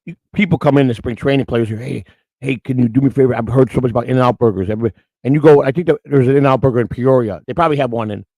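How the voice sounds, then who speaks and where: Speaking very fast at medium pitch with a darkish tone, an older morning-show host tells rambling stories in casual chat, full of restarts and acted-out quotes. There's no room sound.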